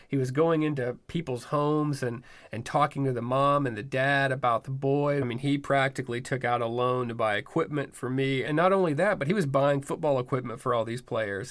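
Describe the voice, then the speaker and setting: A man telling a personal story in a wry, self-deprecating, conversational way, full of casual fillers. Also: medium pitch. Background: music score.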